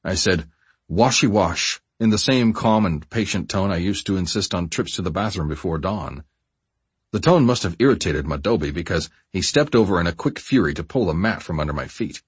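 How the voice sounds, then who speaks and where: A man narrating a first-person memoir audiobook in a measured, steady way. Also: sits low, slightly rough, no room sound.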